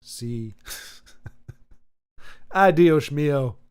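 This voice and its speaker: A man's voice: a little high, expressive, very slow, a little mellow, clean tone. A man casually chatting with viewers on a live stream, joking and answering the chat aloud.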